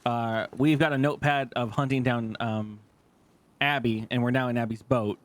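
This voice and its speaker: A man doing casual gameplay commentary as a streamer, animated, swearing often and thinking aloud. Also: mid-range voice, moderate pace.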